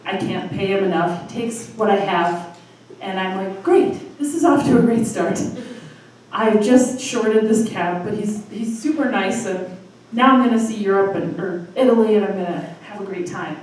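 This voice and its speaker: A woman's voice: medium pitch, steady tone, far from the mic. Chatty woman telling a story in an echoey room. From Michigan, USA. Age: 30s. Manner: chatty, self-deprecating, quick asides. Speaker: storytelling night host. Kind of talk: live personal storytelling. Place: live storytelling venue with audience. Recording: echoey room from afar, faint noise.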